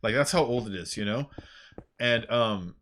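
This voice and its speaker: A male streamer chatting loosely while he plays, his voice at an ordinary middle pitch. He rambles along with plenty of fillers, drifting tangents and bursts of laughter. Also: moderate pace, fairly bright tone. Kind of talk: casual chat while playing a game.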